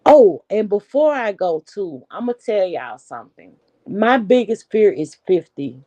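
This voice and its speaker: Unhurried woman in her forties, dry close sound. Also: medium pitch, big pitch swings, mellow, dry recording. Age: 40s. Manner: chatty, unhurried, talks straight to viewers. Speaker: live stream host. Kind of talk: casual live-stream chat.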